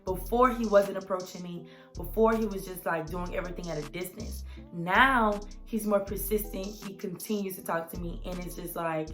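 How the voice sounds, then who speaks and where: A young woman telling a personal story in a casual vlog, animated and dramatic, with lots of "like" and "y'all". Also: fairly low pitch, moderate pace, faint music behind.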